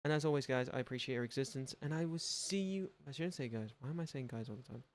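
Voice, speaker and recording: A young man signing off his gaming livestream, rambling and self-deprecating, often trailing off into quieter mumbles. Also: medium pitch, fast talker. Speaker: gaming streamer. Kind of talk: casual livestream sign-off chat.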